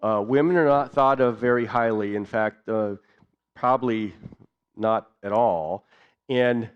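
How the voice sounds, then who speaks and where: A man gives an earnest missions talk in a church, at a medium pitch. He stacks his points in repeated lists. The recording has a dull, lo-fi sound. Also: clear, resonant tone. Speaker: missions speaker.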